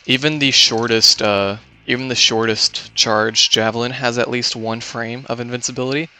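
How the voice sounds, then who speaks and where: A man's voice: medium pitch, steady tone, normal speed, pushed and bright, smooth. A man giving casual live commentary on his own speedrun, explaining game mechanics with many fillers and restarts.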